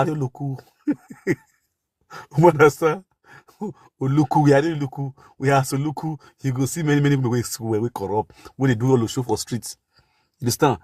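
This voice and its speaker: A man from Benin City with a Nigerian Pidgin accent, telling street stories in a lively, animated way. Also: mid-range voice, dry recording, studio quality. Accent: Nigerian Pidgin, Edo (Benin City). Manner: animated storyteller, shouting catchphrases, laughing. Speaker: talk show guest. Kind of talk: casual street talk.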